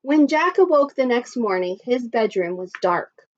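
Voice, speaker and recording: A woman teacher reading a story aloud to children, expressive and adding little asides. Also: a little high, unhurried, dull audio. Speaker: primary school teacher.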